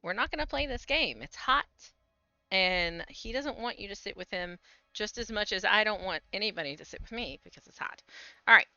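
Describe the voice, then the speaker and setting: Chatty woman streamer, bright lively voice. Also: medium pitch, moderate pace, no echo. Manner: chatty, talks to her cats and reads game text aloud. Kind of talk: casual gameplay commentary. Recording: slightly dull home stream mic with faint game music.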